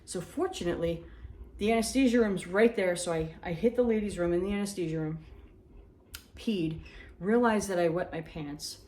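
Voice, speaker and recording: A woman's voice: on the low side, moderate pace. Chatty New woman telling stories. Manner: animated, chatty, self-mocking. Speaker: storyteller. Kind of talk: casual storytelling.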